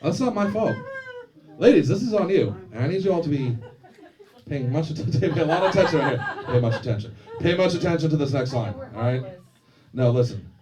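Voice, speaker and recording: A man's voice: a little high, lively intonation, brisk, far from the mic. A man doing a crude, self-deprecating stand-up routine on a comedy club stage, bantering with the crowd. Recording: live club with crowd laughter. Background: audience laughter.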